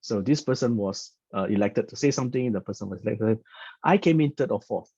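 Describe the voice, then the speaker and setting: A man with a husky, slightly breathy voice tells a story in a chatty, informal way, tripping over and repeating his words as he goes. The recording is dull and dry, with no room sound. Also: on the low side, a little fast, warm tone, no room sound. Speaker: business presenter. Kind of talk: storytelling talk.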